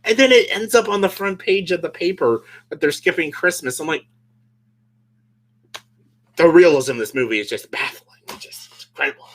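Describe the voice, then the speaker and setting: A man rants sarcastically about a movie, his voice bright and a little high. His pitch swings all over as he talks, studded with "like" and laughs. It is a casual comedic vlog delivery. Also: expressive, moderate pace. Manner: sarcastic, fills speech with "like", laughs often. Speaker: movie reviewer vlogger.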